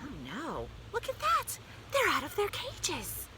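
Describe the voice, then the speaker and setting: A woman's voice: medium pitch, wildly swooping pitch, slow, pushed and bright, a little hiss or hum, heavily acted. A woman voicing a fretting, kind teacher. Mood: alarmed. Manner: alarmed, fussing exclamations. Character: kindly older woman teacher, worried.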